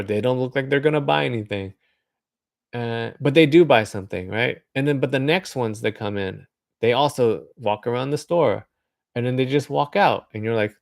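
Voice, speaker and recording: A man talks straight to his viewers in a loose, wandering monologue, padding his thoughts with "like" and "you know". His voice sits at an ordinary middle pitch. The recording is close and dry, with no room sound. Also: gravelly, no room sound. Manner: meandering, acts out hypothetical voices, with filler words. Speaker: vlogger. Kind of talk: casual rambling monologue.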